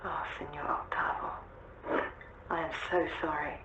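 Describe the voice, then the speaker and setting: An actress playing a bitter, guilt-ridden woman speaking with quiet regret. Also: low voice, flat delivery, unhurried, roomy sound, dull audio, heavy background noise. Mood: remorseful.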